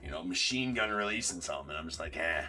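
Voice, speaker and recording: A man's voice: sits low, lively intonation, very fast, pushed and bright, distant mic. A man hosting a livestream card break, chatty and opinionated as he calls out the cards.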